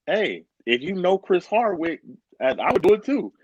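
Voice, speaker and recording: Man, excitable live-stream chat, lively swooping pitch, dry muffled lo-fi sound. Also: normal speed, breathy edge, no echo. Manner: animated, excitable, calls people brother. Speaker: co-host of a live reptile stream. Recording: dull, dry lo-fi stream audio.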